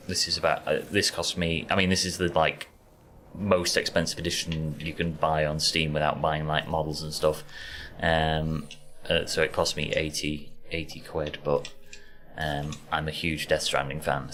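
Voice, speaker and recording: A man's voice: extremely low pitch, fairly even intonation, a little slow, fairly bright tone, slight background noise. A man with a Yorkshire accent chatting casually to viewers while streaming a game from his bedroom, easygoing and rambling. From Yorkshire, England. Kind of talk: casual live-stream chat while gaming. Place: warm home bedroom.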